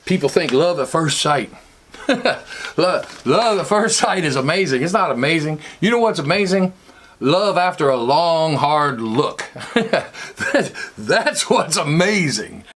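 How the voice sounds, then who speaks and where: Pastor guy telling funny stories in church, kinda high voice, noisy recording. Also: lively intonation, a little slow, a bit bright, long reverb tail. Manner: storytelling, jokey, acts out voices of others. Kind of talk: humorous sermon. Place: church sanctuary.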